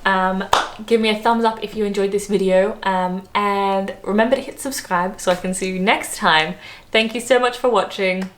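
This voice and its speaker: A woman's voice: medium pitch, steady tone, moderate pace, fairly bright tone, slight background noise. A young Australian woman vlogging to camera in a casual, self-mocking chat, her accent drifting toward British. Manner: chatty, self-mocking, laughs often, many fillers.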